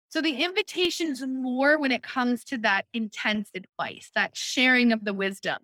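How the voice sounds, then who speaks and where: A woman with a bright, forceful, slightly high voice explains spiritual concepts in an upbeat, conversational podcast style. The sound is dry and close, with no room around her, and she keeps checking in with the listener as she goes. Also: moderate pace, no room sound. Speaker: human design reader, co-host. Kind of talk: casual podcast chat, explaining.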